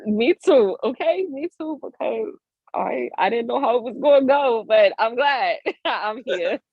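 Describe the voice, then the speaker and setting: A woman's voice: on the high side, lively intonation, measured pace, vocal fry, darkish tone, husky, no room sound. A woman guest on a podcast, telling a story casually with slang and acting out the voices of people in it. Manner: acts out quoted voices with big swings in tone. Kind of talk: animated storytelling in casual chat. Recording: dry, dull lo-fi audio.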